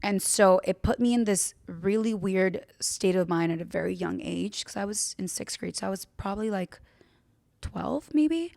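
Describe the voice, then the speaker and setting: A young woman tells a story from her own life in a loose, chatty podcast manner. She leans on fillers and talks frankly, with a swear word here and there. Her voice has a middle pitch and sounds close and dry, with no room echo. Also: normal speed, gravelly, darkish tone. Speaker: podcast host. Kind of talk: casual personal storytelling.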